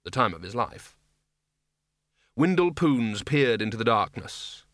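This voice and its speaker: A man reading a comic fantasy novel aloud as an expressive, playful narrator. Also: medium pitch, measured pace, pauses often, no room sound, clean studio sound. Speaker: audiobook narrator. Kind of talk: scripted narration.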